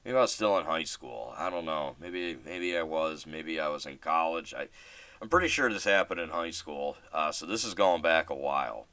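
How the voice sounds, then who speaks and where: A man's voice: extremely low pitch, lively intonation, moderate pace, pushed and bright, clean tone, no room sound. A man hosting a casual solo podcast and telling a story in a rambling way, with lots of fillers and restarts and casual swearing. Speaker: podcast host.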